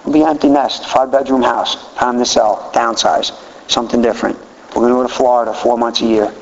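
A man's voice: medium pitch, fast talker, slight background noise. A man in his fifties speaking candidly and earnestly at a recovery meeting, sometimes acting out quotes in a raised voice. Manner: animated, acts out quotes in a raised voice. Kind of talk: recovery share talk. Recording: roomy hall, dull lo-fi audio.

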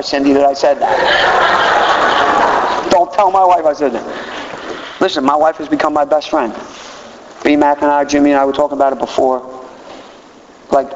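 A man's voice: a little high, long reverb tail, highs cut off, background noise. A man in his fifties telling self-mocking, candid stories to an audience as he shares his recovery. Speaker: speaker sharing a recovery story. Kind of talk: comic storytelling talk to an audience.

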